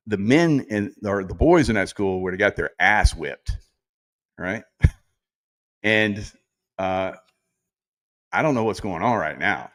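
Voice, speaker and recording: A man's voice: fairly low pitch, animated, slow, long pauses, a bit bright. A man in his sixties from South Carolina, hosting a casual livestream, rambling through political commentary with frequent laughs and mocking impressions while reading viewer comments. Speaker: livestream host.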